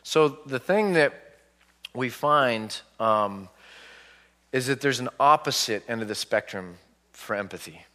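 With a mid-range voice and a slightly slow pace, a forties-aged author tells animated stories to a live crowd, performing other people's reactions. A long reverb tail trails his words.

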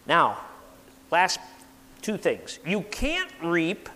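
A man preaching in a church sanctuary, his voice high and swinging widely up and down. He drives points home and has the congregation repeat lines back to him, with a long reverb trailing each phrase. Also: huge pitch swings, drawn-out words, bright, forceful tone. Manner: emphatic, leads congregation in call-and-response repetition. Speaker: pastor. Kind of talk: sermon.

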